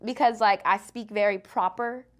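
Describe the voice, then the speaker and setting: A woman's voice: mid-range voice, steady tone, normal speed, fairly bright tone. A young woman chatting casually as a podcast guest, telling stories with many fillers and laughs. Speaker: guest, content creator.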